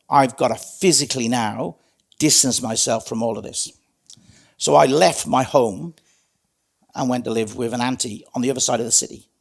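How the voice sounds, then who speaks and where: A man's voice: mid-range voice, creaky. A middle-aged man, telling his life story as a guest in an interview in an earnest, plain-spoken way. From South Wales. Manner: earnest, plain-spoken, calls the host mate.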